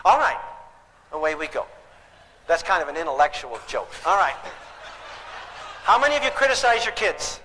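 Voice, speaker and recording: A man's voice: fairly high pitch, big pitch swings, normal speed, pauses often, bright, forceful tone. An older man giving a live parenting lecture, folksy and joking, often asking the audience questions. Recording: hall reverb, faint background noise.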